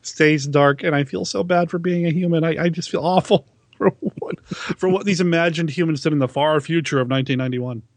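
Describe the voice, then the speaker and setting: A man's voice: a little high, brisk, dry recording. A man co-hosting a podcast, chatting casually about films with a self-deprecating, laughing manner. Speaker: podcast co-host. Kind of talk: casual film discussion.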